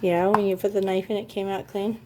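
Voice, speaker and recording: A woman's voice: mid-range voice, flat delivery, brisk, background noise. A woman hosting a casual family vlog, gushing and encouraging in a motherly way. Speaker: family vlog host, parent.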